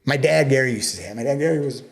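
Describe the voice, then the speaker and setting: A man's voice: mid-range voice, fast talker, creaky. A middle-aged man, a jiu-jitsu coach, talking candidly and bluntly as a podcast guest, swearing freely. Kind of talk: casual conversation.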